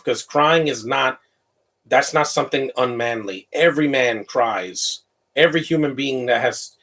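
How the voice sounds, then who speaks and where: A man talks over a comedy film in a loose, rambling commentary. He laughs often and reacts loudly to the scenes, sometimes quoting lines in a high voice. His voice sits at an ordinary middle pitch. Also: husky. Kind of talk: casual live movie commentary.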